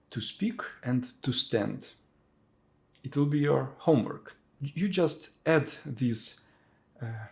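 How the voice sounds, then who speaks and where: A man teaching a language lesson, saying each word slowly and repeating it for learners to copy. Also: medium pitch, vocal fry. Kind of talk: slow spoken language lesson.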